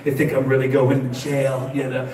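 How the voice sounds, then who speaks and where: A man doing stand-up, telling a story in an animated way and laughing through his own lines at a live venue. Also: medium pitch, moderate pace, background noise. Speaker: stand-up comedian. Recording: echoey room, distant mic, loud clicks.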